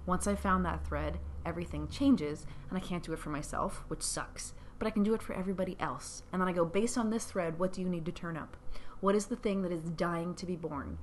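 A woman's voice: lowish voice, brisk, slight background noise. A woman business coach giving a blunt, profane motivational monologue, repeating her points for emphasis.

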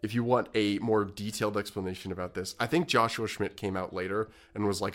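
A man's voice: lowish voice, steady tone, a little fast, hardly any pauses. A man co-hosting a card game podcast, rambling in casual chat with frequent laughter and restarts. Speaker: podcast co-host.

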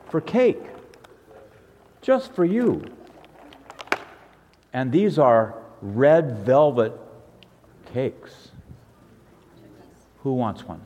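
A middle-aged man who is a pastor, leading a children's sermon and prayer in a gentle, conversational way. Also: a little high, slight background noise. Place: church sanctuary. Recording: long reverb of a church hall.

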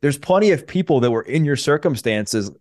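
A man's voice: mid-range voice, animated, a little fast, darkish tone, no room sound, clean studio sound, pitched above the performer's own voice, close to an everyday voice. A man voicing his blunt, tough male jail cellmate in a retold story, speaking in a raised, commanding tone.

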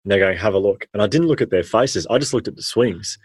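An Australian man in his thirties, a guest telling stories in a casual interview, animated and acting out the voices he quotes. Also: fairly low pitch, fast, breathy edge, no room sound.

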